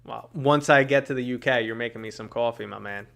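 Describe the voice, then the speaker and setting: Podcast host, thirties, New York accent, playful and teasing, mid pitch. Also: male voice, brisk, gravelly, a bit bright, soft background music. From New York City. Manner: joking, teasing, reads chat comments aloud. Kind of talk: casual chat.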